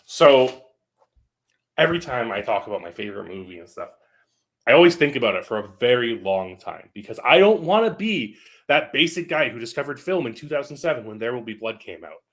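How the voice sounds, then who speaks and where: A man's voice: mid-range voice, very animated, brisk, a bit bright. A man co-hosting a casual film podcast, gushing with enthusiasm and leaning on fillers like "like.". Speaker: podcast co-host. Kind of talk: casual chat.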